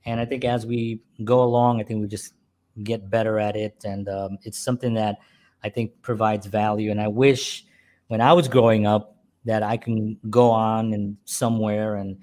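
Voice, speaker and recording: A man's voice: fairly low pitch, flat delivery, moderate pace, a little mellow. A middle-aged man hosting a casual talk show from home, rambling with many fillers and restarts. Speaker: podcast host. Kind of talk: casual chat.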